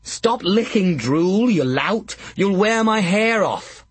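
A man's voice: sits high, lively intonation, slow pace, breathy edge, dry recording, voice pushed up, heavily acted. A man doing a bawdy, mocking jester. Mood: protesting. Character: wry, sharp-tongued young male jester.

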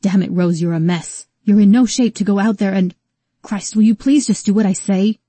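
A woman narrator voicing a worried, protective man who speaks steadily and gently but grows pleading and exasperated. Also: medium pitch, fairly even intonation, normal speed, husky, no room sound, lightly acted.

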